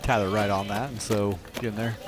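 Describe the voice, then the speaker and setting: A man doing color commentary on a live high school baseball game, with relaxed, rambling analysis full of restarts. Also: a little fast, slight background noise. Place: outdoor ballpark.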